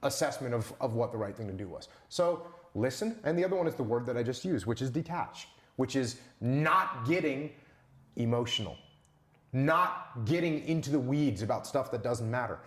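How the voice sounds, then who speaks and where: A man's voice: medium pitch, animated, normal speed, fairly bright tone, reverberant. A man answering as an interview guest, talking emphatically with rhetorical questions and repeated short punchlines.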